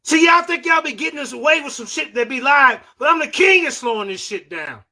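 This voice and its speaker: A man's voice: extremely high pitch, lively intonation, a little fast, sharp tone. Combative man hosting a heated debate. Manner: combative, scolding, repeats words. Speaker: show host.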